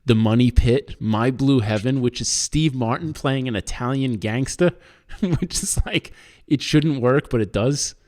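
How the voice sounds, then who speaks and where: A man's voice: medium pitch, unhurried, darkish tone. A man in his thirties hosting a podcast, rambling through a list of favorite films in casual chat, swearing and laughing often. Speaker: podcast host.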